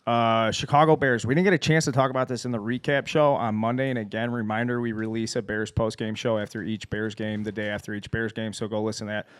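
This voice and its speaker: A man hosting a casual sports podcast and telling animated, profane anecdotes. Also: on the low side, fast, hardly any pauses, no room sound. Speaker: podcast host.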